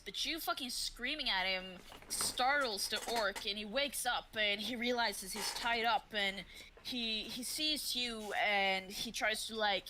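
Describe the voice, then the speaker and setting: A woman's voice: fairly high pitch, background noise. A woman running a tabletop game as game master, laid-back and swearing often, laughing along with her players. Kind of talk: narrating a tabletop game with crude humor.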